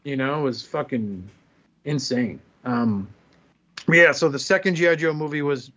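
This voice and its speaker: Profane, animated male podcast host. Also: medium pitch, unhurried, highs cut off. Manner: profane, animated storyteller who acts out quotes. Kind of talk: casual podcast chat.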